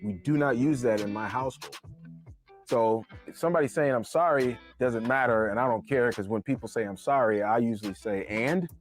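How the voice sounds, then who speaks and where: A man commenting on a video in a casual, emphatic way, pausing deliberately to stress his points. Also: mid-range voice, soft background music. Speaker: commentator on a clip.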